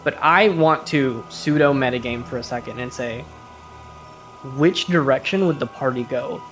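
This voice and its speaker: A man's voice: medium pitch, normal speed, a bit bright, soft background music. A man running a tabletop game as game master, describing scenes casually with lots of fillers.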